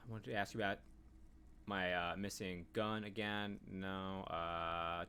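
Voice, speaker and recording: A man's voice: low voice, fairly even intonation, a little slow, sharp tone, a little hiss or hum. A man streaming a video game, rambling casually and humming filler syllables while he thinks. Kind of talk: casual let's-play commentary.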